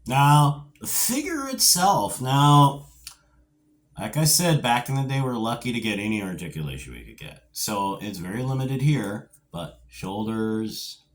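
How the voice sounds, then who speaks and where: A middle-aged man reviewing a vintage action figure, talking in a rambling, animated way with playful asides and geeky nostalgia. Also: on the low side, slight background noise. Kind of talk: casual video review.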